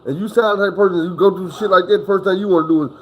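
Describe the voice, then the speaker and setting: A man's voice: high voice, steady tone, rapid-fire, lo-fi sound, slight background noise. A man telling a story in a casual, rambling, profane way, acting out the people he quotes.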